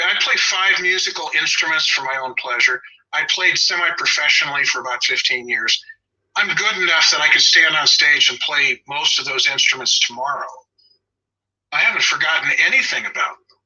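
Socal guy in his 60s, dog trainer, super bright edgy voice, kinda husky, opinionated and rambly. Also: a little high. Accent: Southern Californian. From Los Angeles. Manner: opinionated, wry, digressive storyteller. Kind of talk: casual podcast chat. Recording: dull lo-fi audio.

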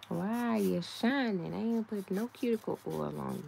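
A woman's voice: mid-range voice, expressive, moderate pace, vocal fry, a little mellow, a little hiss or hum. A woman, chatting casually at home while doing her own nails, often laughing and talking to her nails. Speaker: nail vlogger. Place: home, indoors.

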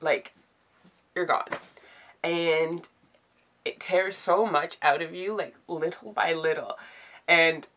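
A woman's voice: deep voice, a bit bright. Emotional young woman venting on a vlog. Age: 20s. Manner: halting, fills with "like", restarts often. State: close to tears, getting emotional. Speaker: vlogger. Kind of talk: emotional personal vlog confession.

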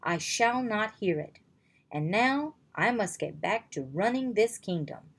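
A woman's voice: medium pitch, expressive, unhurried, breathy edge. A woman reading aloud, voicing a stern king who gives firm orders to a crowd in a storybook. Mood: commanding. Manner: firm, commanding proclamation. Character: stern older male king addressing his people.

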